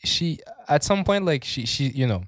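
A man's voice: on the high side, lively intonation, moderate pace, dry recording. A man chatting casually as a podcast co-host, rambling, swearing often and laughing as he talks. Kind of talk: casual chat.

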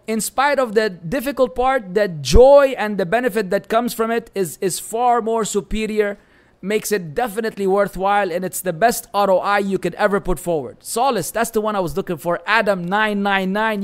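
On an animated live stream, a man who natively speaks Arabic, with a Lebanese accent, responds to viewers' questions as an Islamic teacher, bantering and mixing in Arabic phrases. His high voice is clear and resonant, at a normal speed.

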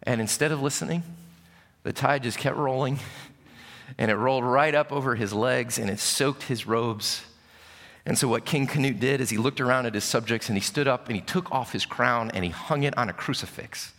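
A man preaching a sermon, telling stories with sudden shouts and hushed drops. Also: mid-range voice, normal speed. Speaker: pastor. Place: church sanctuary. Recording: reverberant church hall. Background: long hall reverb.

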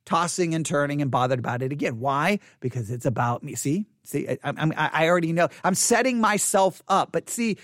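A man's voice: a little high, animated, a little fast, hardly any pauses, fairly bright tone, dry recording, studio quality. A man preaching as a pastor, speaking candidly and self-deprecatingly, often repeating phrases for emphasis. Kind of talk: sermon podcast.

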